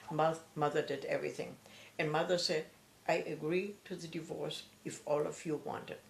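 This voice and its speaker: A woman's voice: deep voice, echoey room. Older woman recalling her past. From Germany. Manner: halting, reflective storytelling with many fillers. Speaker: author and retired professor. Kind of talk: personal recollection.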